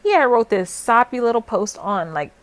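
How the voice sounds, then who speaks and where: Animated young woman telling her story. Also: on the high side, normal speed. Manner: animated, full of "like" fillers. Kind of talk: casual storytelling monologue.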